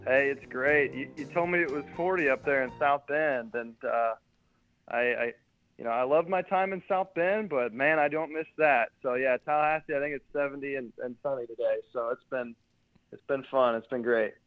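A man's voice: medium pitch, moderate pace, no room sound, faint music behind. Chatty man on a tinny phone line. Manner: chatty, stumbles and repeats words. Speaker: sports beat reporter, guest. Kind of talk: casual radio interview. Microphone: phone call.

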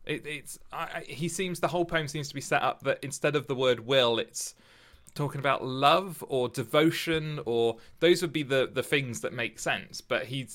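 Male co-host with a bright voice, thinking aloud in a casual literary chat. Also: medium pitch. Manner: halting, restarts often, thinks aloud. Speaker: podcast co-host discussing poetry.

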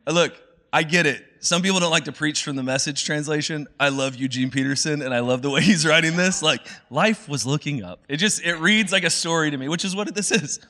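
A male pastor delivers a sermon in a casual, conversational style, keeping it animated. His voice sits a little high and sounds bright and forceful. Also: brisk, few pauses.

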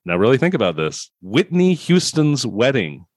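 A man's voice: mid-range voice, very animated, moderate pace, no room sound. A man co-hosting a casual comedic movie recap, sarcastic and profane, laughing often. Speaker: podcast co-host.

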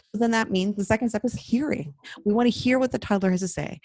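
A woman's voice: lowish voice, quick pace, a little mellow, no echo, studio quality. A woman coach talking casually and explaining, often checking in with "right?" and acting out the inner voices she describes.

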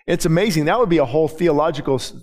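A man's voice: on the high side, very fast, a little mellow. A middle-aged man preaching, telling stories in a loose conversational way with many restarts. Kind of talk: sermon.

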